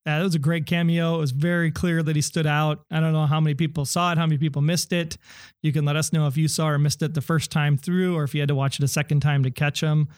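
A man co-hosting a casual TV recap podcast, speculating in an animated way and sometimes quoting characters in put-on voices. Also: a little high, quick pace, no room sound, clean studio sound. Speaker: podcast co-host.

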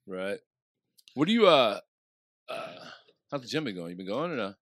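A man's voice: lowish voice, sing-song, normal speed, a bit bright, no echo, studio quality. A man co-hosting a podcast in casual chat, laid-back and reflective. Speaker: podcast co-host.

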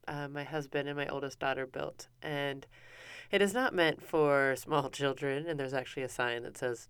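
A woman in her thirties, a podcast host, telling a personal story in a casual, animated way with many restarts. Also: low voice, clear, resonant tone, no room sound. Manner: animated, breathless retelling with many restarts and acted quotes.

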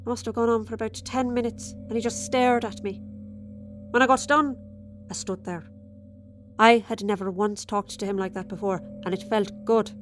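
Over soft background music, a woman storyteller with a natural, fairly high voice keeps a steady tone and moderate pace. She performs a dramatic monologue as a tipsy, chatty Irish widow confiding over dinner, with abrupt flashes of resentment and an overall confiding feel.

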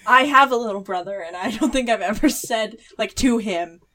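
A woman's voice: a little high, normal speed, sharp tone. A woman guesting on a podcast, chatting casually and laughing often. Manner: giggly, playful. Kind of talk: casual chat.

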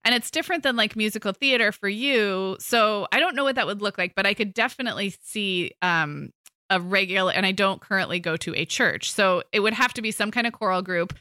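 A middle-aged woman co-hosting a podcast in a casual, chatty way, her voice bright and clear, sitting at a middle pitch. She talks with frequent fillers and restarts, and the recording is dry and close. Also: fairly quick, dry recording. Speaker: podcast co-host. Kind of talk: casual chat.

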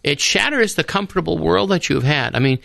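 A man's voice: on the high side, expressive, fairly quick, gravelly, pushed and bright, no echo. A man, a priest and guest on a radio talk show, telling rambling stories in a casual discussion with many restarts. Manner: rambling storyteller, restarts often. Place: radio studio.

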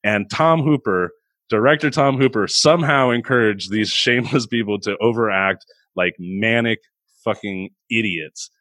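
A man co-hosting a casual comedic film review, ranting with profanity and sudden high-pitched outbursts of exasperation. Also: normal speed, a bit bright, no echo. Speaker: podcast co-host.

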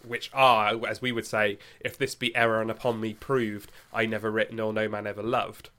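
A man co-hosting a casual chat, chatty and quick to laugh, with many restarts. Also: fairly low pitch, level tone, bright, forceful tone.

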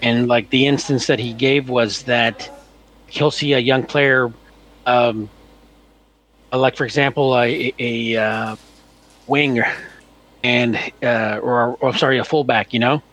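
A man co-hosting a casual podcast chat, talking in a halting way full of "you know" fillers. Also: medium pitch, steady tone, a bit bright, rough recording. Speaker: podcast co-host.

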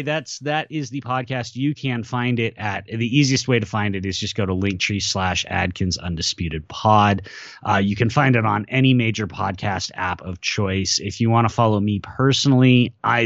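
Low, gravelly man on a dull line. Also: a bit bright, no echo. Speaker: podcast guest. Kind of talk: casual podcast chat.

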